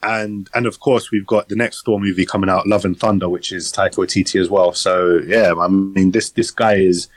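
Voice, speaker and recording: A man's voice: sits low, steady tone, normal speed, few pauses, dry recording, rough recording. A young man co-hosting a casual podcast, rambling with lots of fillers and casual swearing, recorded on a phone. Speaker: podcast co-host. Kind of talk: casual chat.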